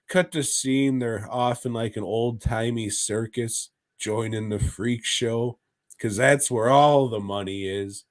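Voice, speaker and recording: A man's voice: on the low side, steady tone, takes it slowly, darkish tone, no echo. A man co-hosting a podcast, telling a rambling, profane story in a casual chat. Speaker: podcast co-host.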